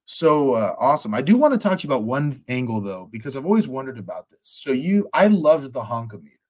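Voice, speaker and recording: Man, interview host, enthusiastic, chatty, filler-heavy, medium pitch. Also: sing-song, fast, a little mellow. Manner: enthusiastic fan, many fillers. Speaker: podcast host. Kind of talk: casual interview chat.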